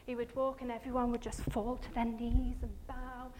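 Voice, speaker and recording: A high-voiced woman tells a Bible story in an animated, chatty way, talking over her slides. She speaks with frequent fillers and turns to the listeners with asides, over a faint hiss of noise. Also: normal speed.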